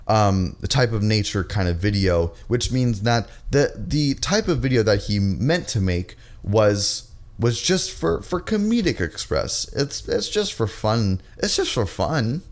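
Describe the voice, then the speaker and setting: A man giving reaction commentary in a dry, sarcastic, measured way. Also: lowish voice, lively intonation. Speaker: commentary YouTuber.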